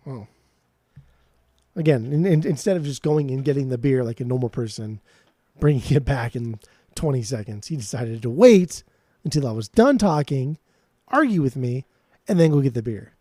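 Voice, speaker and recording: A man's voice: medium pitch, lively intonation, normal speed, dark tone, no echo, clean studio sound. A man co-hosting a podcast, talking in a rambling, profane, ranting way. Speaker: podcast co-host. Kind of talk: casual podcast chat.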